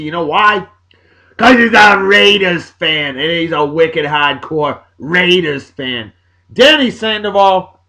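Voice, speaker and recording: A high-voiced video blog host from Massachusetts gives casual birthday shout-outs. He's jokey and animated, swinging between loud bursts and mumbled asides.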